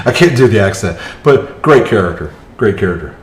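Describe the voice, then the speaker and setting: This streamer's voice is on the low side, fairly quick, with big pitch swings. He plays a mobile strategy game live, narrating every move, reacting aloud, and chatting with viewers, all in a roomy, echoing recording.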